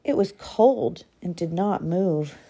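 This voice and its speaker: A woman reads a children's picture book aloud in an expressive storytelling manner. She takes her time, and her pitch rises and falls a lot. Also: takes it slowly, slightly rough. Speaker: storybook reader.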